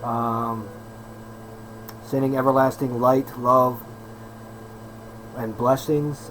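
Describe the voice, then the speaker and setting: A hyper, upbeat man in his thirties chats casually, rambling and looping back on his words with plenty of slang. His voice sits at an ordinary middle pitch. A faint hiss of noise runs under the recording. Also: fairly even intonation, rough recording. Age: 30s. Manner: hyper, fast-talking, repeats himself, upbeat slang. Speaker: personal trainer vlogger. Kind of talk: casual rambling vlog talk.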